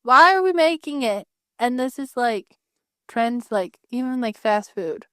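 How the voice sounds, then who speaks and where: Woman podcast co-host, high voice, dry sound, exasperated casual ranting. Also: lively intonation, a little slow, fairly bright tone, dry recording. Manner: exasperated ranting with many likes. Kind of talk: casual chat.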